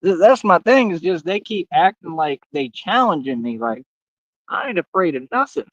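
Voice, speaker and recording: Dude ranting on his stream, slangy, kinda high voice, dry dull mic. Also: lively intonation, moderate pace, fairly bright tone, no echo. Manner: street slang, repetitive, talks straight to viewers. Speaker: livestream host. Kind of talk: casual livestream rant.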